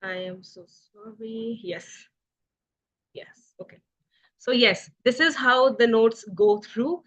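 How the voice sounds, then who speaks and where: A woman's voice: on the high side, a bit bright. Indian-accented woman teaching French online. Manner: reassuring, explanatory. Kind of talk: webinar presentation. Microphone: video call. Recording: dull lo-fi call audio.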